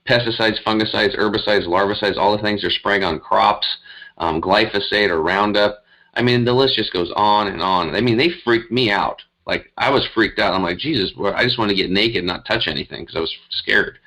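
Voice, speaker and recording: A man with a deep, low voice tells his story as a guest. He rambles and talks in an animated, emphatic way. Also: poor audio. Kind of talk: conversational storytelling.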